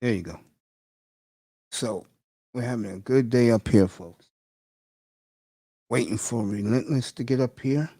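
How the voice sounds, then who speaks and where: A middle-aged man hosts an easygoing morning chat stream, speaking in loose slang and breaking into laughter between remarks. His voice is dark and mellow, sitting at an ordinary middle pitch. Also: unhurried, long pauses. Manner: laughs often, loose slangy banter with listeners. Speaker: host of a morning talk show. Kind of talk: casual live-stream chat.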